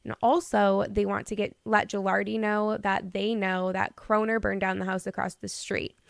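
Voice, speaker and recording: A young adult woman co-hosting a podcast, casually retelling scenes in an animated way, laughing often and swearing casually. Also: medium pitch, moderate pace, no room sound, studio quality. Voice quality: gravelly fry in the voice. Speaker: podcast co-host recapping episodes.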